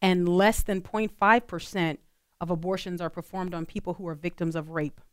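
A woman's voice: fairly low pitch, steady tone, moderate pace, smooth, no echo, clean studio sound. Earnest, chatty woman radio co-host. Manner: chatty, earnest, with many fillers and laughs. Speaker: radio talk show co-host. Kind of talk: casual talk radio chat.

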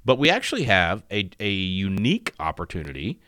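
A man's voice: low-pitched, very animated, brisk, pushed and bright, no room sound, studio quality. A middle-aged man hosting a radio talk show, rambling through his points with many restarts and fillers. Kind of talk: casual radio commentary.

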